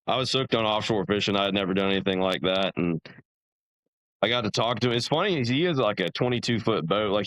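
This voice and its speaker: A man's voice: fairly low pitch, fairly bright tone, clean tone, no room sound, poor audio. A young man, a podcast guest, telling his story in a casual, rambling way, full of fillers and restarts.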